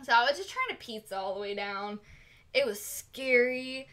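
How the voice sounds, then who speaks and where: Young female streamer, high and bright, chatty and giggly, loose "like"-filled storytelling. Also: normal speed. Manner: animated, giggly, lots of "like". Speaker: cosplay streamer. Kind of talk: casual storytelling while crafting on stream.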